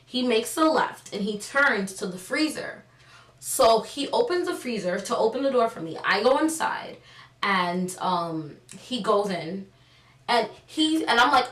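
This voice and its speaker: A young woman telling a personal story on her vlog, sarcastic and animated, acting out the people she quotes. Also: fairly high pitch, measured pace. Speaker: vlogger. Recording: roomy, from a distance.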